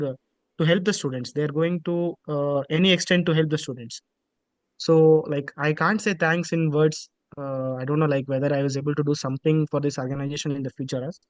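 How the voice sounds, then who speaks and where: A man's voice: on the high side, no room sound, poor audio. A young man gives an earnest, unscripted student testimonial over a video call. He halts often with fillers and restarts. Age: young adult.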